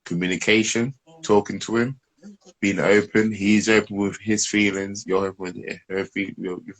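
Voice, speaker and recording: A middle-aged man with a husky voice, rambling through relationship advice in casual chat and laughing at his own stories. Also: on the low side, flat delivery, moderate pace. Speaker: podcast co-host giving relationship advice.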